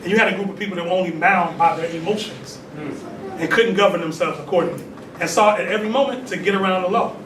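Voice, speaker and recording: A man's voice: high-pitched, fast talker, a crowd in the background. A man giving a call-and-response religious talk, conversational and full of "right?" tag questions. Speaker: temple leader giving a talk. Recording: echoey distant room recording with noise.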